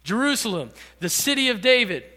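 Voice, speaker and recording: A man preaching a sermon as pastor, dramatic, acting out quotes and rising to shouts. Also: extremely high pitch, very animated, fairly quick. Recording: long reverb of a large hall.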